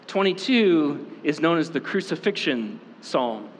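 A man preaching a sermon as pastor, talking casually with many fillers and quick asides. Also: fairly high pitch, very animated, slight background noise. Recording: long reverb in a hall.

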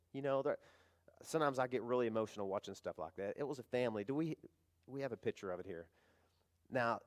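Male pastor, conversational sermon delivery, emotional, climbs to fervent emphasis. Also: medium pitch.

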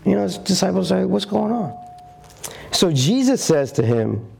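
A man delivers a sermon as animated storytelling, slipping into character for each quoted line. His voice sits a little high and swoops widely in pitch, with a gravelly edge. He takes his time over the words. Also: moderate pace, background noise. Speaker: preacher.

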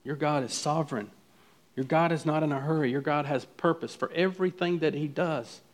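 A man with a fairly high voice preaching to his congregation. He drops to near-hushed lines, then climbs into loud, urgent questions. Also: a little fast. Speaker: pastor. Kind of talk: sermon.

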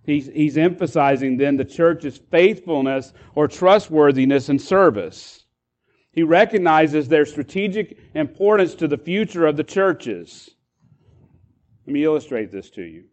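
A man's voice: on the high side, lively intonation, measured pace, darkish tone, lo-fi sound. A man preaching as a pastor, explaining a passage with frequent restarts and repeated words. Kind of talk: sermon.

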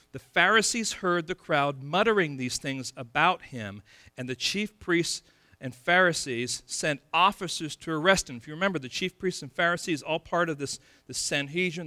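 A man preaching an expository sermon, building to emphatic peaks and dropping low again. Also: sharp tone, no echo. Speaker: pastor.

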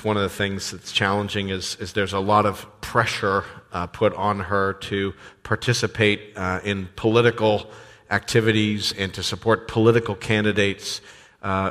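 A man's voice: low-pitched, fairly bright tone. A man preaching a sermon as a pastor, talking conversationally with fillers and restarts. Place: church sanctuary. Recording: long church reverb.

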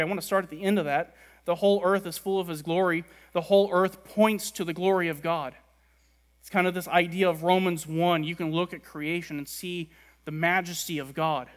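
A man preaching a sermon, stressing words by repeating them and letting key lines fall quiet and low. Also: fairly even intonation, fairly quick. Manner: emphatic, repeats words for stress, drops soft at ends. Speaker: pastor.

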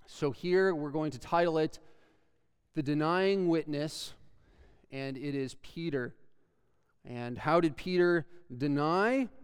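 A man's voice: a little high, clean tone. A male pastor preaching a sermon, earnestly reading scripture aloud and building emphasis as he explains it. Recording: long hall reverb.

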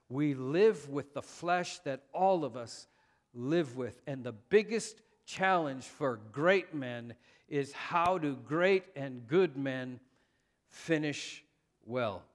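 A man's voice: mid-range voice, slow pace. A man preaching a sermon as pastor, conversational and self-deprecating, with frequent fillers.

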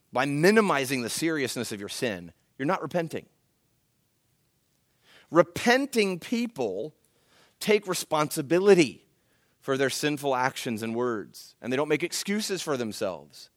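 A man preaching with a lively, swooping delivery and a fairly high voice. He acts out the excuses he quotes. The sound is dry and close. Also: no room sound. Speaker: pastor. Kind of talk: sermon.

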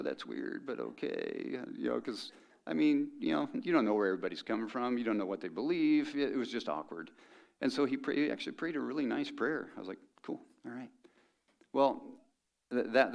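A man's voice: lowish voice, gravelly. A middle-aged man preaching a sermon as pastor, conversational and joking with the congregation.

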